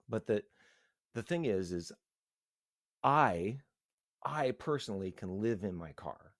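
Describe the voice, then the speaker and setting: A middle-aged man with a very low voice talks candidly on a live stream, earnest and halting, often restarting his thoughts. The sound is dry and close, with no room echo. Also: animated. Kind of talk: casual emotional live-stream talk.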